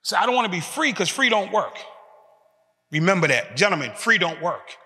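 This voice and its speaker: A man in his fifties gives a motivational talk in a big reverberant hall. His voice sits high and sounds bright and forceful. He tells his story in animated street talk and acts out the other people's voices. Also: normal speed. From United States. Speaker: motivational speaker. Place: large hall in a prison.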